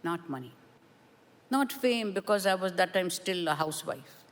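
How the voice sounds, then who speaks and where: A woman preaching a sermon with a personal testimony, earnest and measured, with emphatic rises. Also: on the low side, animated, big-room sound. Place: church.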